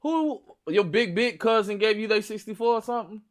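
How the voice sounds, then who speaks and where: A man with a Chicago accent, hosting a stream with loud, profane, boastful trash talk about games. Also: high-pitched, expressive, brisk. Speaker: stream host. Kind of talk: casual gaming chat.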